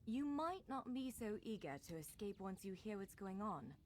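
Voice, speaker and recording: An actress plays a courteous, businesslike clanswoman from a fantasy video game, her voice rising and falling with lively range over a faint, steady ambient hum. She is polite and reassuring as she steers a newcomer. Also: mid-range voice, normal speed, natural voice. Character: courteous island clanswoman guiding a stranger.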